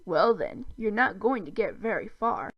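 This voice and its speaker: A woman's voice: mid-range voice, expressive, dull audio. A woman voicing a grumpy, sly old dwarf who huffs and drawls his words. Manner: huffy, teasing, drawn-out.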